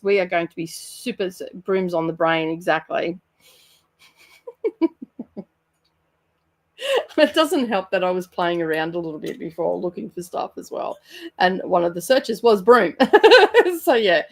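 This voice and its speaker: Her voice is on the low side, animated but unhurried, with frequent pauses. This Australian woman hosts a casual reading sprint livestream from her home bookshelf area, greeting viewers and laughing often while sounding sluggish and tired.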